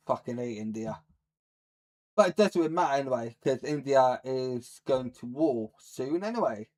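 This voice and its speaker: A man on a live stream, ranting at his chat in a profane, mocking, hostile way. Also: mid-range voice. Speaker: livestreamer.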